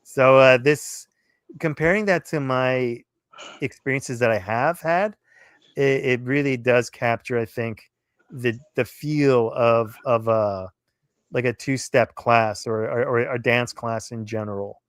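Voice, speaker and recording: Male co-host, smooth clear voice, animated anecdotal chat, dry close sound. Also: mid-range voice, a little slow, no echo. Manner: animated storyteller, playful impressions. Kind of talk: casual chat, personal stories.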